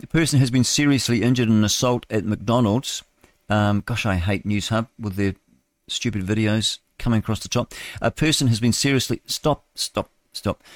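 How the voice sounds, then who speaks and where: A man's voice: mid-range voice, no echo. A male radio host with a New Zealand accent, reading the news casually with stumbles and chatty asides.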